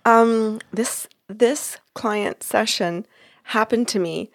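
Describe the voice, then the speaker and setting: A woman's voice: fairly high pitch, slow pace, no echo, clean studio sound. A woman co-hosting a podcast as a psychic medium, telling a story in a chatty, giggly, self-deprecating way. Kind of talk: casual storytelling chat.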